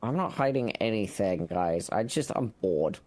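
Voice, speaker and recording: A man's voice: fairly low pitch, lively intonation, normal speed, a little mellow. Impatient man eager to get moving. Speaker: tabletop game player. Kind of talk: playing a tabletop game.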